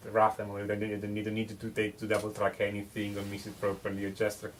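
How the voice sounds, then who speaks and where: Animated songwriting teacher, man, distant mic. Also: fairly low pitch, very fast, slight background noise. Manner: animated, joking, repeats and restarts phrases. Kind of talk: casual one-on-one lesson.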